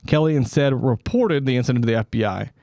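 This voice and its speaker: A man's voice: medium pitch, fast, mellow, no echo, studio quality. A man co-hosting a comedy podcast, reading out a story casually and stumbling over names with joking asides. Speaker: podcast co-host.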